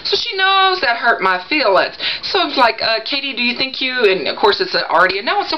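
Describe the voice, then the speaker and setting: Chatty teasing mom, slightly dull sound. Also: female voice, high-pitched, very animated, fairly quick, few pauses, a little hiss or hum. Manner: chatty, teasing, lots of fillers. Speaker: mother giving coaching advice. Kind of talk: casual vlog monologue.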